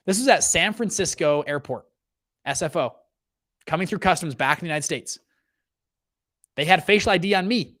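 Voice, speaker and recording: A man in his thirties, the host, giving a casual rant about economics, lively and full of restarts and acted quotes. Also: on the high side, fast talker. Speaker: host, fund manager.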